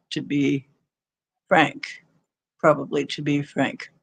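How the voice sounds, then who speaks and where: A woman's voice: on the low side, expressive, takes it slowly, pauses often. A woman hosting a casual livestream of readings, joking playfully and giggling to herself as she greets viewers. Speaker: livestream host giving readings.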